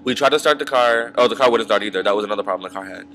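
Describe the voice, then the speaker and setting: A man's voice: fairly low pitch, very fast, a bit bright, a little hiss or hum. A young man telling a long story in a casual, rambling rant, swearing freely and filling it with ums and side remarks. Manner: rambling, profane, full of fillers and asides. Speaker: vlogger.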